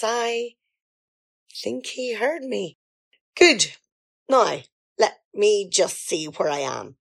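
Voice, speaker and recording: A woman's voice: medium pitch, vocal fry, full character voice. A woman in an amateur radio comedy sketch, playing a grand diva singer who talks in a theatrical, self-important way.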